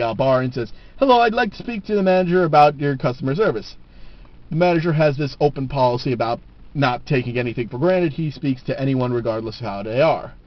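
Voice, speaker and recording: A man telling jokes casually to the camera, laughing at his own punchlines, on a dull lo-fi camera recording. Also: mid-range voice.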